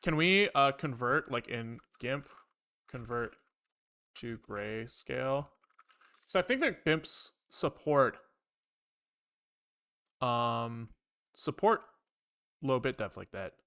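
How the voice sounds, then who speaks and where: A man's voice: medium pitch, expressive, slow pace, long pauses, bright, forceful tone, clear, resonant tone. A man streaming live as he codes, thinking aloud in a rambling, profane way with wry asides to his chat. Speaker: programming livestreamer. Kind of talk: casual live coding talk.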